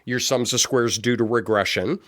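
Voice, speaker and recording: A man co-hosting a casual teaching chat, playful and quick to tease. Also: medium pitch, fairly bright tone. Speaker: co-host.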